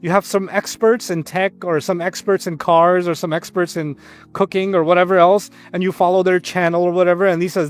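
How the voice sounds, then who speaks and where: A man's voice: sits high, a little fast, faint music behind. A man giving a Quran lesson, explaining Arabic words and acting out quoted speakers. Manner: animated, acts out quotes. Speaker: Quran teacher.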